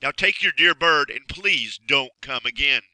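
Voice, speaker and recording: A man voicing a grand, cruel old male magician who speaks in a slow, growling, gloating boom. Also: lively intonation, pushed and bright, no room sound, heavily acted, poor audio. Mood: booming menace.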